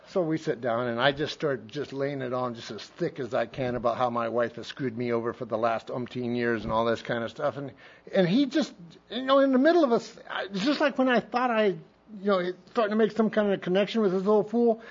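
A man's voice: fairly high pitch, animated, fairly quick. A man telling a long rambling story from his own life to a group, in a folksy way, acting out other people's voices and laughing as he goes. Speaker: speaker sharing his recovery story. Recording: dull lo-fi recording.

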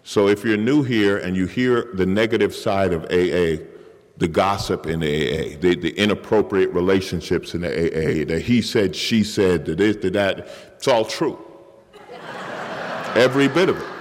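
A deep-voiced middle-aged man speaks candidly at a recovery meeting, poking fun at himself and now and then acting out the voice in his head. His words ring out with a long reverb, as if from a meeting hall. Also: moderate pace. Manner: candid, self-mocking, acts out inner voice. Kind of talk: personal recovery share.

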